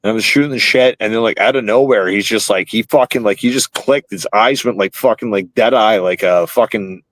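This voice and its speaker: A man's voice: fairly low pitch, fairly quick, no room sound. A man in his thirties telling a long story in casual podcast chat. He rambles, swears constantly and fills his sentences with likes and you-knows. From Canada. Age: 30s. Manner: rambling, heavily profane, filler-laden storytelling.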